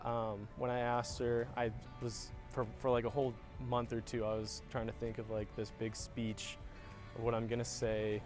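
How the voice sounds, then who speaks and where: A young man, a groom-to-be, speaking in a wedding video interview, soft-spoken and halting with many fillers. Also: mid-range voice, monotone, over music. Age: young adult.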